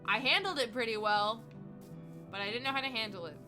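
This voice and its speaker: A young woman streamer telling a rambling, animated story while she plays a game at home. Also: on the high side, fairly quick, over music. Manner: chatty, rambling, animated retelling. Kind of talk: casual storytelling while gaming.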